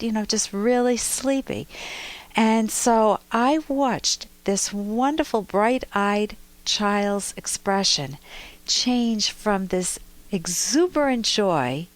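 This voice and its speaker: A woman psychologist and podcast host gives relationship advice and tells lively, detailed stories. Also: a little high, no room sound. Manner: warm, lively storytelling with vivid detail. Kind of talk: relationship advice talk and storytelling.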